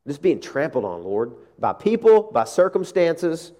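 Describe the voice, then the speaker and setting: A middle-aged man, a pastor, preaching a sermon in a conversational way, acting out quoted voices with lively asides. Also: a little high, measured pace, few pauses.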